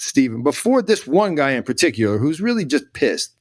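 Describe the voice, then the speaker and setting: A man's voice: a little high, sing-song, brisk, few pauses, no echo, studio quality. Emphatic middle-aged man telling a story. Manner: emphatic, repeats words for emphasis, emotional at times. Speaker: podcast guest. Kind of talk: animated storytelling in conversation.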